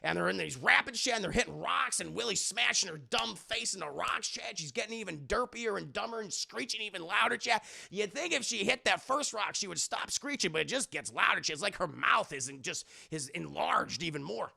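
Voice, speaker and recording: A man's voice: sits high, lively intonation, fairly quick, vocal fry, hardly any pauses, bright, forceful tone. A man casually recapping a movie on a livestream, rambling and profane, often talking to his chat and acting out characters' lines. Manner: acts out characters' lines as he retells scenes.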